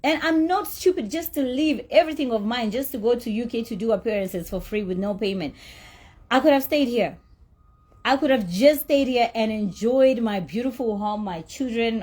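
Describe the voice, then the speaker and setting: A woman with a husky, slightly high voice recounts a quarrel in a blunt, indignant way. She swears freely and sounds thoroughly fed up. She comes across as middle-aged and speaks with a celebrity's self-assurance. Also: moderate pace, darkish tone. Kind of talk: heated personal storytelling.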